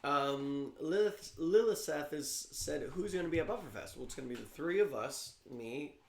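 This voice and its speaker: A man's voice: on the high side, lively intonation, normal speed, creaky, roomy sound. A man co-hosting a casual livestream, chatty and rambling, often restarting his sentences. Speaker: livestream co-host.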